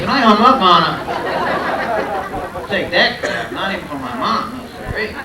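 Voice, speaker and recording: Loud high-voiced stand-up comic. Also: male voice, big pitch swings, slow pace, long pauses, background noise. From Providence, Rhode Island. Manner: loud, punchy, working the crowd. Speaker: stand-up comedian. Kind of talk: stand-up comedy set. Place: comedy club stage. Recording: echoey club from a far camera, loud crowd.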